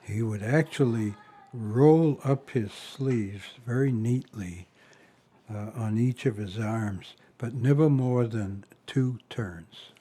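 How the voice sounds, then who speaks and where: A man's voice: medium pitch, slow pace, dark tone, husky. An older man tells family stories in a rambling way, chuckling often and stopping to restart. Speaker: family member sharing memories. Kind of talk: casual storytelling.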